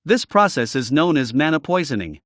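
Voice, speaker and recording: Man reading a fantasy novel aloud, slightly high voice, very dry recording. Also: fairly quick, dry recording. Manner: steady reading with occasional slips. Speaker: audiobook narrator. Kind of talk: first-person novel narration.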